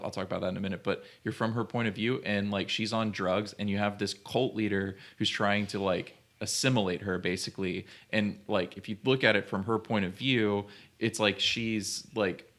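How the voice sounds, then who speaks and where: A young man co-hosts a casual film podcast in a lowish voice. He rambles and thinks aloud, leaning on lots of fillers as he works through his point. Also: steady tone, fairly quick, hardly any pauses, a bit bright. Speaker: podcast co-host.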